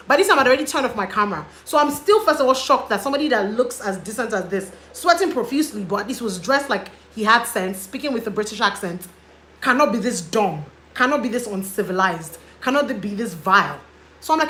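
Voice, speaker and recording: A woman vlogger from Nigeria chatting casually on a live video, animated and indignant as she tells a story. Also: mid-range voice, a little fast, reverberant, slight background noise, low-quality recording. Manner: animated, gets loud and indignant retelling a confrontation.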